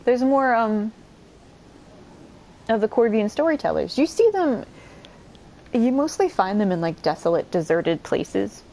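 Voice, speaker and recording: A woman giving casual, chatty let's-play commentary while she plays, excitable and quick to swear. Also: medium pitch, a little hiss or hum. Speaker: gameplay streamer.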